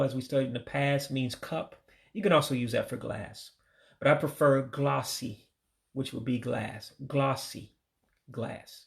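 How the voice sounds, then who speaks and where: A man from the United States teaching household vocabulary in a casual lesson, patiently repeating each word slowly and closing with religious blessings. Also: medium pitch, vocal fry. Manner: religious sign-offs. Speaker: language learner teaching vocabulary.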